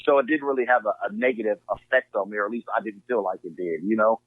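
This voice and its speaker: A man's voice: fairly low pitch, quick pace, dry recording. A man from Southern California, a podcast guest, talking earnestly and casually with lots of fillers. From Inglewood, California. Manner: earnest, heartfelt, filler-heavy. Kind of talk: casual conversation. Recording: tinny phone-like line, dry.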